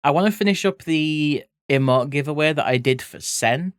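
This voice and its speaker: A playful art streamer chats loosely with viewers while working, reading their messages aloud and dropping the odd swear. The voice sits at a middling pitch and is recorded close and dry, with no room sound around it. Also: normal speed, clear, resonant tone, no echo. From England (grew up in Leeds). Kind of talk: casual chat with live viewers while drawing.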